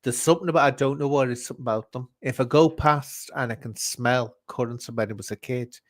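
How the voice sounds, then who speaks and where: A man with a Scouse accent hosting a stream, chatting in a rambling, animated way. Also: mid-range voice, quick pace, dry recording. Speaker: stream host. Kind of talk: casual chat.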